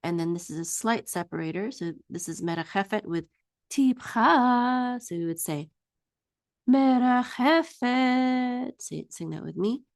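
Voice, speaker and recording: A woman teaching a one-on-one Hebrew reading lesson, patiently singing each word out slowly for her student to repeat. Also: lowish voice, vocal fry, a little mellow, dry recording, studio quality.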